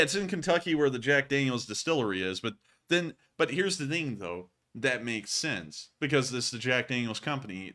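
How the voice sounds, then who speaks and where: A man's voice: lowish voice, sharp tone. A man hosting a casual live stream, chatting and rambling with frequent laughs. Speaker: streamer host.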